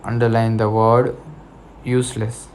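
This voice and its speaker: Slow Indian English teacher spelling words. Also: male voice, fairly low pitch, monotone, darkish tone, slight background noise. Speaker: school teacher. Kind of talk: English lesson for children.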